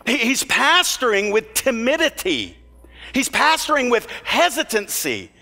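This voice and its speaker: A man's voice: very high-pitched, huge pitch swings, a little slow, sharp tone. A man preaching a sermon as pastor, earnest and plain-spoken with conversational asides. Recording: long reverb of a large hall.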